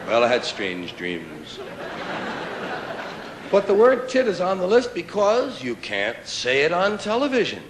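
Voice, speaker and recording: Man doing a lively stand-up routine. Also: sits high, measured pace, slight background noise. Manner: riffing, mock-indignant, bursts of loud shouting. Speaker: stand-up comedian. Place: live comedy stage before an audience. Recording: old live recording, roomy hall with audience laughter. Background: audience laughter.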